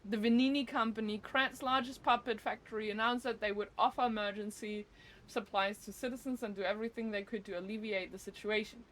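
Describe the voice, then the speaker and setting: A woman putting on a formal newscaster voice to read a news bulletin aloud, measured and stiff. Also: a little high, fairly even intonation, fairly bright tone, lightly acted. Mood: mock-formal. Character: mock news anchor reading a bulletin.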